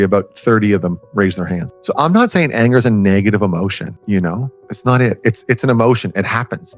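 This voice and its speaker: Earnest gravelly man talking to camera. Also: fairly low pitch. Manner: earnest, rambling, direct questions to viewer. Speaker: self-help speaker. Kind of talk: personal story and advice to camera.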